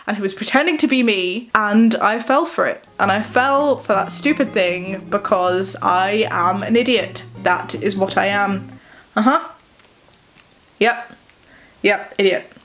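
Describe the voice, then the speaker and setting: A young woman, telling a personal story on her vlog and acting out the dialogue as she goes. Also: medium pitch. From England. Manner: animated retelling, acting out dialogue. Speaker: vlogger. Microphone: camera mic.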